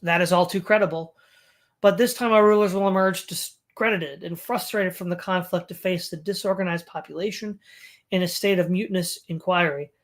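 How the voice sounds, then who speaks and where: A reader working through an old political essay in a measured voice of middle pitch. The reading is steady and plain, with occasional stumbles that get corrected on the spot, sometimes with a quick "sorry.". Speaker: audiobook reader.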